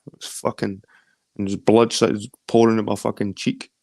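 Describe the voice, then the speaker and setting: A man's voice: on the low side, little pitch movement, moderate pace, gravelly, darkish tone, no echo, studio quality. A man with a Scottish accent in a rambling, casual late-night chat, swearing freely. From London. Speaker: chat guest.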